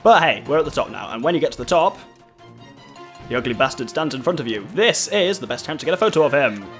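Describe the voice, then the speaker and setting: A man's voice: a little high, lively intonation, fast talker, soft background music. A man hosting a video game playthrough, giving wry, jokey commentary as he plays. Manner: jokey, wry, laughs often. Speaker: let's play host. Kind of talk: gameplay commentary.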